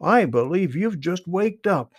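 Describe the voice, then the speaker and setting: A man's voice: a little high, big pitch swings, measured pace, a little mellow, dry recording, studio quality, pitched above the performer's own voice, exaggerated voice. A man voicing a cheerful, cheeky young male skunk in a storybook reading, with bouncy sing-song rhymes and eager polite excuses.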